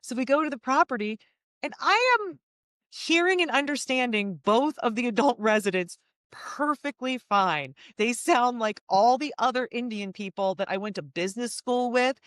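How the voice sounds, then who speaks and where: A woman's voice: fairly high pitch, moderate pace, no room sound. American woman, interview host, chatty, dry close mic. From United States. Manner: candid, talkative, animated storytelling. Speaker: host, real estate business owner. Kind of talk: video interview.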